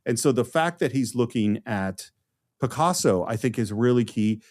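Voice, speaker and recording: A man's voice: mid-range voice, animated, moderate pace, darkish tone. Guy on a movie podcast explaining scenes, keeps restarting sentences. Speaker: podcast co-host. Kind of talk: casual film discussion.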